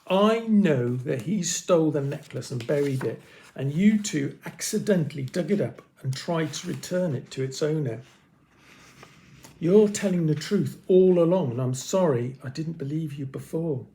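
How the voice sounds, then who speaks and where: A man doing a stern, fair storybook guard, mellow, slightly high voice. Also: lively intonation, normal speed, slight background noise. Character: stern male tomb guard, fair-minded.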